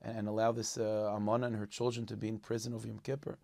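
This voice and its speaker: Storyteller as a humble pious man, pleading earnestly, low gravelly voice. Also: flat delivery, quick pace, dark tone.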